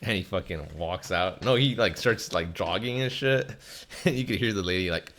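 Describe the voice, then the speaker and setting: Over slight background noise, a young podcast host with a low-pitched voice tells a relaxed, expletive-heavy story at a moderate pace, animatedly performing the voices of the people in it.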